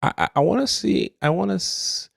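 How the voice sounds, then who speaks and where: A man's voice: sits high, animated, brisk, vocal fry, dry recording, clean studio sound. A man co-hosting a casual chat podcast, joking and laughing often as he reads listener letters. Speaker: podcast co-host.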